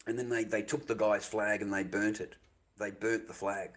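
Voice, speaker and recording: A man's voice: on the low side, little pitch movement, moderate pace, fairly bright tone. An Australian man live streaming an angry, profane rant, swearing constantly and repeating himself.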